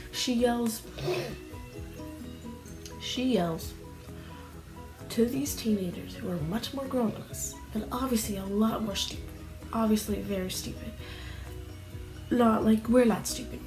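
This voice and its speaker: A woman's voice: medium pitch, fairly even intonation, unhurried, darkish tone, faint music behind. A woman telling a story casually in a vlog, rambling and full of "like" fillers, restless as she talks. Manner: rambling, heavy use of "like" fillers; restless, fidgety while telling. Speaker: vlogger.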